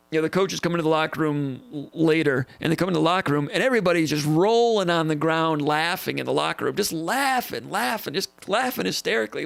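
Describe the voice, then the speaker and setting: A man hosts a live question-and-answer stream, spinning stories in a casual, animated way and hammering home his points by repeating them. His voice sits a little high and has a gravelly edge. The sound is close and dry, with no room echo. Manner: animated, repeats phrases for emphasis. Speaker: host answering viewer questions.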